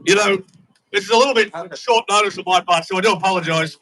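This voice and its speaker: A man's voice: sits high, fast talker, pushed and bright, rough recording. An Australian man giving a grand, rhetorical rally speech outdoors, building on repeated phrases. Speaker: rally speaker and chant leader.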